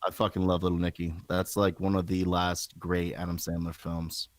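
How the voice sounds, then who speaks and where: A man's voice: deep voice, monotone, moderate pace, no room sound. A man in a casual podcast chat, enthusiastic and full of swearing. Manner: enthusiastic and profane, swears freely.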